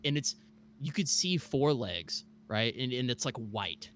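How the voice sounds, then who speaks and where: A young man from Mississippi telling a scary true story on a podcast, animated and full of fillers. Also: mid-range voice, moderate pace, slight background noise. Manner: animated, many fillers like "like" and "bro". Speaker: guest storyteller.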